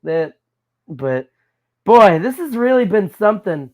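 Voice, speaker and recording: High-voiced rambling man, improvising. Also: very animated, measured pace. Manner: rambling, stammering, acts out silly characters. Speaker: podcast co-host. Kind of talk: improvised comedy chat.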